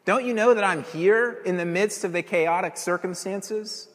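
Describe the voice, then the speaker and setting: A man's voice: high-pitched, moderate pace, fairly bright tone, big-room sound. A man preaching a sermon in earnest, emphatic tones, building through rhetorical questions.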